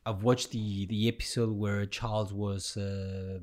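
A man's voice: lowish voice, flat delivery, a little slow, a little mellow. A man in a casual group chat, asking curious questions and hesitating as he searches for words. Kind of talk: casual banter.

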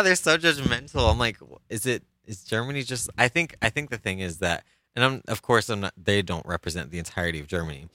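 A man's voice: lowish voice, sharp tone, no echo. An American man chatting casually, rambling with frequent ums. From United States. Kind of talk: casual chat.

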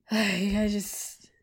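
A woman's voice: medium pitch, gravelly, slightly rough. Woman on a podcast, rambly, says like a lot, fed up and venting. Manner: rambling, frequent "like" fillers, frustrated. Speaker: podcast co-host. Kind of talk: casual podcast chat.

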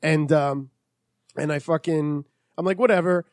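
High-voiced, animated man telling stories. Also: fairly quick, no echo, studio quality. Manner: swears often, animated storytelling with quoted voices. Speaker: podcast host. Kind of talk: casual storytelling chat.

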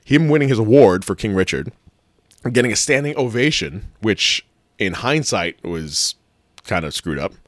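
A man talking in a rambling, animated way on a casual podcast, often restarting his sentences and swearing casually. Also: fairly low pitch, normal speed, dry recording, clean studio sound. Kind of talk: casual chat.

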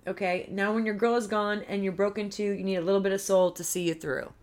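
A woman co-hosts a music podcast in loose, chatty conversation. She laughs often and fills pauses with ums and uhs, in a voice of middling pitch. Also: steady tone. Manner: giggly, chatty, with many fillers. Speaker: podcast co-host. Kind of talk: casual chat.

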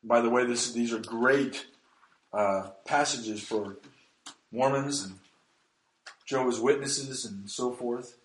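A man's voice: mid-range voice, slow pace, long pauses, reverberant, slight background noise, rough recording. A man preaching a sermon as pastor, emphatic and reading scripture aloud.

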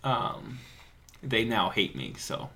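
Male podcast co-host, mid-pitch voice, animated storyteller who laughs through his anecdotes. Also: slow pace. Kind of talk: casual chat.

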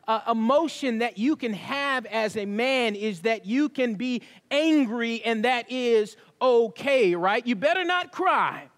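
High-voiced male pastor in a reverberant hall. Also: fairly bright tone. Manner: conversational preaching with asides and laughs. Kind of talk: sermon. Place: church sanctuary.

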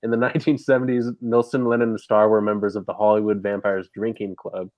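A man's voice: lowish voice, little pitch movement, fast, a little mellow, no echo, dull audio. A man hosting a podcast, reading out facts in a casual, joking way.

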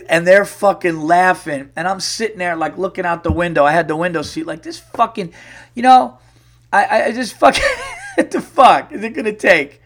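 A man hosting a podcast, telling a rambling, profane, animated story in casual talk, his voice worn from getting sick. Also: on the high side, measured pace. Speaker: podcast host. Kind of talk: casual comedic storytelling monologue.

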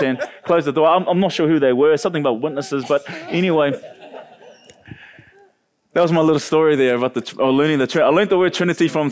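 A man hosting a church panel, telling a personal story in a lively way and acting out the other voices. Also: on the high side. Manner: animated, acts out quoted voices.

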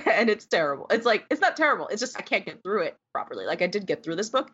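A woman's voice: medium pitch, very animated, fast, fairly bright tone, husky. A woman chatting casually about books, ranting with lots of fillers and exasperation. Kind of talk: casual book discussion. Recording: dull lo-fi sound.

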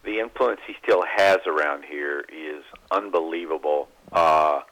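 A man guest on a sports radio talk show, telling animated baseball anecdotes and mimicking the people in them. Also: extremely low pitch, a little slow. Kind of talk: phone-in radio interview, storytelling. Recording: phone line.

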